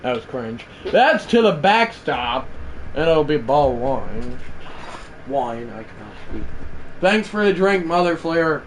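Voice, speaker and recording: Higher-voiced man calling a baseball video game. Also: expressive, measured pace, slight background noise. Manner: chatty, self-correcting, with side remarks. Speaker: livestreamer and play-by-play announcer. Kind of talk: casual play-by-play commentary of a video game livestream.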